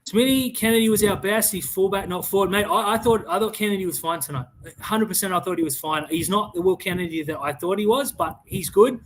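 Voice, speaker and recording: Blunt Australian man, higher-pitched. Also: fairly quick, a bit bright, slight background noise. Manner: blunt, opinionated, swears freely; frequent restarts and stammered repeats. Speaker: fan podcast host. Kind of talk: casual live-stream sports chat.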